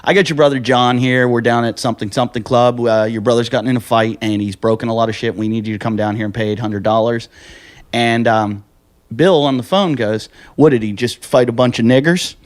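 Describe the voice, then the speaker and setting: A man's voice: mid-range voice, fairly quick. Man telling a comedy-club story. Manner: animated, acts out quoted voices. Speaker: podcast host. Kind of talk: casual storytelling.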